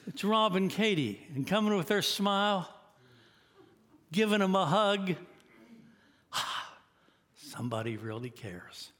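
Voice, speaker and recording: A man's voice: sits high, lively intonation, slow, long pauses, fairly bright tone. A man in his eighties preaching a sermon, earnest and building to emphatic exhortation. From United States. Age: 80s. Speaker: guest preacher.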